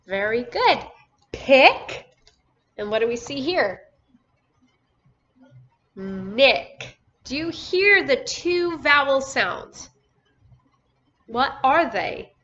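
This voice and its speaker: A woman teaching phonics to young children, speaking slowly and patiently and stretching out each syllable. Her voice sits a little high and sounds bright. The recording is dull and lo-fi. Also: lively intonation. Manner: slow, patient, drawn-out words with encouraging praise. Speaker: first grade teacher.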